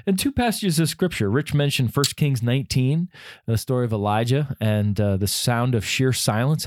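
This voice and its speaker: A man co-hosting a faith podcast, talking in a relaxed, conversational way with plenty of "um"s and "you know"s. His voice is mid-pitched and sits close and dry on the mic, with no room sound around it. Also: no echo. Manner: conversational, recaps resources with fillers. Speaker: podcast co-host. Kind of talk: casual podcast chat.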